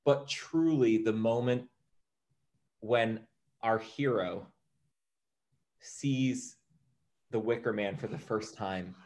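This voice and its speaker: A man co-hosting a film discussion podcast, talking in a measured, deliberate way as he builds his points. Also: on the low side, a little mellow. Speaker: podcast co-host.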